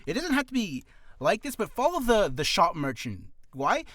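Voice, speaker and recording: A man's voice: high voice, wildly swooping pitch, moderate pace, a bit bright, no echo. A man giving a casual voice-acting tutorial in a goofy, rambling, self-deprecating way.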